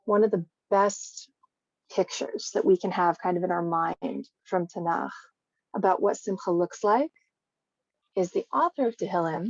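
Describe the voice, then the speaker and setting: Woman giving a lively conversational talk. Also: on the low side, unhurried, no room sound. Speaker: guest speaker. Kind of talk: online Torah talk. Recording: dry, slightly dull recording.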